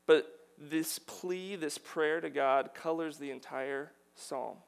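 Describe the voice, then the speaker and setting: A man's voice: a little high, slow pace, vocal fry, clear, resonant tone. A man preaching a sermon, earnest and building to emphatic declarations.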